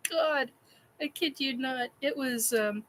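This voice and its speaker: A woman's voice: sits high, bright, forceful tone, slight background noise, poor audio. A woman hosting a casual chat show, telling a funny personal story in a candid, blunt way and laughing often. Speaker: podcast host.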